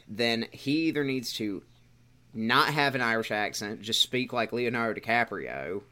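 A man's voice: medium pitch, bright, forceful tone. A man in casual chat, arguing his opinions firmly as a podcast co-host. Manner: opinionated, argumentative.

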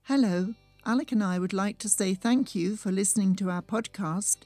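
A woman, reading her own travel memoir in a steady, measured storytelling manner. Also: mid-range voice, dry recording, faint music behind. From England. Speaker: author and narrator.

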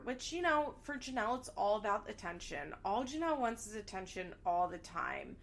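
A woman's voice: mid-range voice, expressive, normal speed, few pauses, fairly bright tone. A young woman casually recapping a reality show, candid and sarcastic, swearing freely as she gossips about the cast.

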